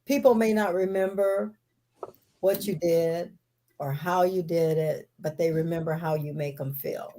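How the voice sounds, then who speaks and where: Low, mellow, expressive woman on a call. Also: unhurried, a little hiss or hum. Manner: emphatic, expressive, laughs readily. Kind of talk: casual group chat on video call. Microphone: video call.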